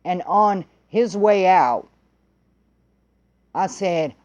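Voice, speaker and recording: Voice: medium pitch, slow, warm tone, lo-fi sound. A vlogger telling a story in a blunt, heated way and swearing freely. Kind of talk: casual profane storytelling.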